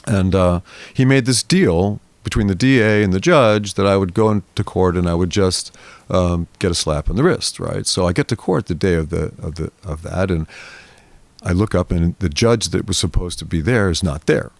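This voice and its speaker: A man's voice: sits low, normal speed, creaky, no echo. A man, a guest in a therapy interview, telling a long rambling anecdote in casual talk and acting out the people in it. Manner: rambling anecdotal storytelling, acts out quoted voices.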